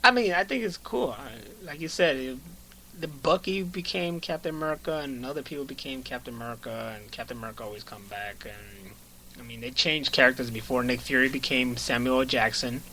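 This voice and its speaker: A man's voice: medium pitch, fairly quick, pushed and bright, slight background noise. A man hosting a casual podcast who jokes, swears freely and laughs often. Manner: joking, profane, laughs often. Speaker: podcast host.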